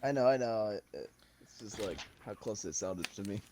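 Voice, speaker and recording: A man playing a tabletop game with a lively, bouncy pitch, tossing out jokes and quick apologies. Faint hiss and clicking sit behind him. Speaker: player. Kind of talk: casual chat while playing a tabletop game.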